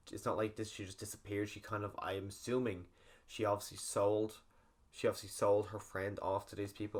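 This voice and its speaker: A man casually recapping a film's plot in a rambling spoiler review, full of fillers. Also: fairly low pitch. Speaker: film reviewer.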